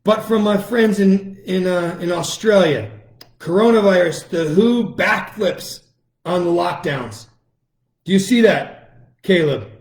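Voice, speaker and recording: A man's voice: high-pitched, slow. A middle-aged man from the United States, hosting his own online show and delivering a combative political monologue full of taunting, repeated challenges. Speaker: lawyer and online show host.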